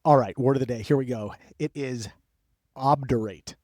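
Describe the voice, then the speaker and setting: A young man co-hosts a podcast and tells history in excitable bursts, wandering off on tangents and cutting himself short before picking the thread back up. His pitch sits at an average level. The recording is dry and close, with no room sound. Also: moderate pace, no echo. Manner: excitable, rambling, self-interrupting. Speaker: podcast co-host. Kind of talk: casual storytelling chat.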